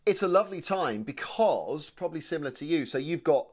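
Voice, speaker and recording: A man's voice: on the high side, animated, fairly quick, husky. A man from England with a British accent, co-hosting a podcast in a chatty, matey way. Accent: British English. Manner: chatty, matey, says "mate" a lot. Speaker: podcast co-host. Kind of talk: casual chat.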